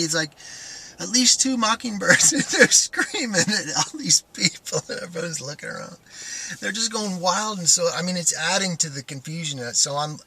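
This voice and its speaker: A man's voice: sits high, sharp tone, no echo. A man talking casually in a personal vlog, rambling and thinking aloud with many stops and restarts. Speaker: vlogger.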